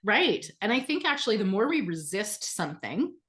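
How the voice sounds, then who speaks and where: A woman's voice: mid-range voice, big pitch swings, normal speed, fairly bright tone. Woman guest on an interview, super candid, laughs a lot, swears casually. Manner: frank, swears freely, laughs often while talking.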